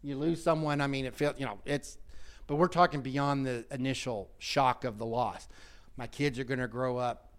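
Heated, emphatic pastor man. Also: mid-range voice. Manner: heated, emphatic, with frequent restarts and laughs. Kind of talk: casual conversational teaching.

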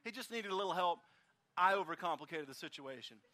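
Male pastor, high and bright, animated storyteller, outdoor service. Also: a little fast. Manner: animated, acts out voices in anecdotes. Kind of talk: storytelling sermon.

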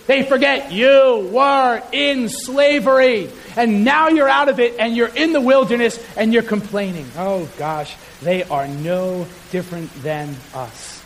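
High-voiced male pastor preaching. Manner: animated, conversational, self-deprecating humor. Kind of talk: sermon. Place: church sanctuary. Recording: hall reverb with faint hiss.

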